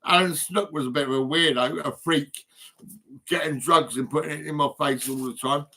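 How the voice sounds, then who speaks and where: An older man holds forth in an angry, profane rant, piling up insults and tag questions. His voice sits a little high and comes out sharp and tense. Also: fairly even intonation, normal speed. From United Kingdom. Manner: bitter, swearing, repetitive with tag questions. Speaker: vlogger.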